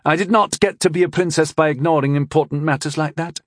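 A man's voice: on the high side, fast talker, no room sound, studio quality, voice pushed up, lightly acted. A man voicing a cold, scheming teenage princess in an audiobook, speaking in a sly, condescending drawl. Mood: demanding. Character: scheming sixteen-year-old princess, cold and tipsy. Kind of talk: audiobook character voice.

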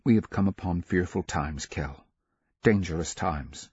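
A man's voice: deep voice, a little slow, a little mellow, slightly rough, dry recording, lo-fi sound, heavily acted. A man voicing a stern, anxious noble mother who is an empress, speaking firmly and admonishing a child in an audiobook. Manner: firm, admonishing. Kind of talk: audiobook character reading.

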